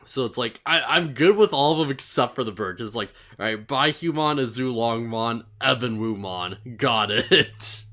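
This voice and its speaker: A man's voice: mid-range voice, expressive, normal speed, hardly any pauses, a bit bright. A man co-hosting an anime podcast, chatting casually in a laid-back way, often chuckling and stumbling over names. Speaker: podcast co-host. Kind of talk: casual anime recap chat.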